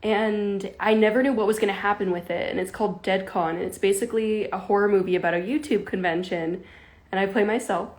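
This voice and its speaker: A giggly young woman in her early twenties, chatting loosely to viewers on a phone livestream from home. Her voice sits at an ordinary middle pitch, and she rambles from one aside to the next. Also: fairly even intonation, brisk, a little mellow. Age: early 20s. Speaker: livestream host. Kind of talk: casual livestream chat. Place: at home with a kitten.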